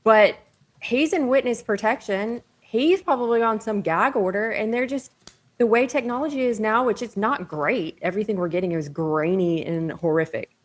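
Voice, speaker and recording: A woman's voice: medium pitch, normal speed. A woman hosting a casual opinion commentary, talking emphatically and hedging her claims as she goes. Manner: emphatic, animated, hedging with "allegedly". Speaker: commentary host.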